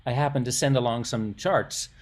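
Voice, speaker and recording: A man's voice: medium pitch, moderate pace. Older male musician guest, casual anecdotal storyteller, rambling and self-interrupting.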